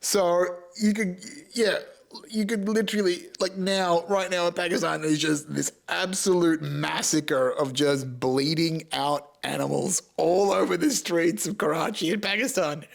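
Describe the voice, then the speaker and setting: A man's voice: a little high, measured pace, creaky. An Australian man in his thirties hosting a podcast, telling a comic story with lots of swearing and laughter. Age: 30s. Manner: profane, animated, laughs through his story. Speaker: podcast host.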